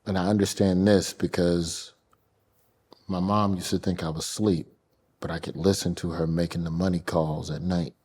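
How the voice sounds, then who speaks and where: A man talking casually as a guest, joking and animated, with frequent laughter. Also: low-pitched, moderate pace, husky. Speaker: guest comedian. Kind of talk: casual interview chat.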